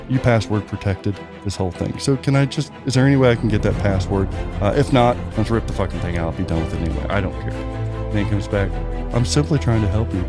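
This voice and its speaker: A man co-hosting a podcast in casual chat, telling stories in a ranting, profane, animated way. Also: lowish voice. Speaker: podcast co-host.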